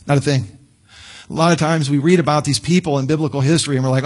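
A man's voice: fairly high pitch, steady tone, fast talker. Conversational man preaching a sermon. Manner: conversational preaching, acts out pleading prayers with laughs. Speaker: pastor.

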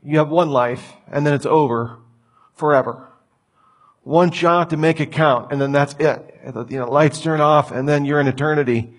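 A man's voice: fairly high pitch, steady tone, moderate pace. A man preaching a sermon as pastor, emphatic and conversational, asking the listeners rhetorical questions. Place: church sanctuary.

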